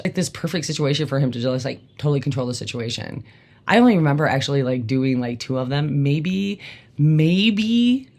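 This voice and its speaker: A podcast host shares personal memories candidly and conversationally, his middling voice carrying a gravelly edge. He rambles casually through lots of "like" fillers before hitting emphatic points.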